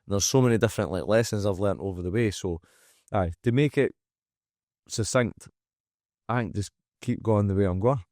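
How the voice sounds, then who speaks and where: Here the Scottish gym owner's fairly low, slightly mellow voice moves at a normal speed with long pauses during a candid podcast guest spot. Emphatic and outspoken, he swears freely and plays out people's lines, and the studio sound is dry and close-miked.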